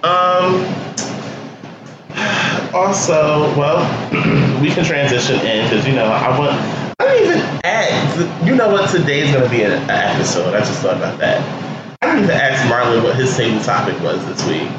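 A man co-hosting a casual comedy podcast, talking in a playful, sassy, animated way. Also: mid-range voice, normal speed. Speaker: podcast co-host. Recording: roomy, dull and noisy amateur recording.

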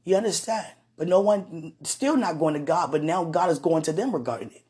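With a low-pitched, husky voice and a slightly quick pace, this podcast host casually relates a story to her partner. She acts out each quoted voice with energy and often speaks of God and the Holy Spirit.

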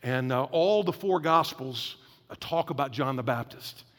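A man preaching a sermon as pastor, energetic and conversational, slipping into acted asides. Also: mid-range voice, moderate pace. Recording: long hall reverb.

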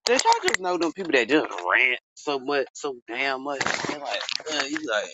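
A man co-hosting a casual chat podcast, rambling loosely and swearing, with sudden high exclaims. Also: big pitch swings, moderate pace, sharp tone. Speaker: podcast co-host. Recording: dull lo-fi sound.

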